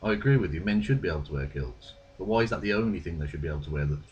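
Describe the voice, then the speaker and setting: A man's voice: low voice, animated, very fast, muffled recording, noisy background. A man with a British accent giving dry, sarcastic, profane rebuttals. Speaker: video creator responding. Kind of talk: rebuttal commentary.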